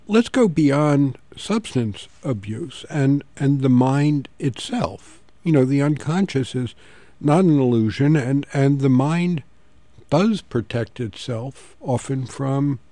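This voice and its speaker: A middle-aged man hosting a public radio call-in show, speaking in a thoughtful, halting way into a studio microphone. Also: mid-range voice, expressive, dark tone, no echo. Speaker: radio talk show host.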